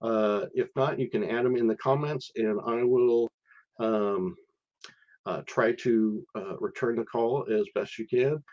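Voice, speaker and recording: A man's voice: medium pitch, measured pace, lo-fi sound. A middle-aged man talking casually on a live stream, hesitant, with many fillers and restarts. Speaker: live stream host sharing visa experience.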